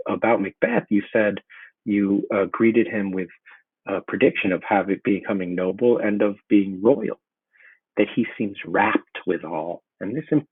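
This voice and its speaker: A man's voice: on the low side, slightly rough, no room sound. A man explaining a play in a casual, eager way, reading lines aloud and breaking them down. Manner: casual, enthusiastic explaining with filler words. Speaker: teacher. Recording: tinny phone-like sound.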